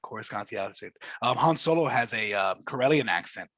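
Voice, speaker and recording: A man from Georgia talks through fan lore with eager, nerdy enthusiasm, often restarting his sentences. His voice sits in an ordinary middle pitch. The sound is dry and close. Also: expressive, brisk, a bit bright, no echo. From Georgia, USA. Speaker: co-host, reviewer. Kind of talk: casual chat.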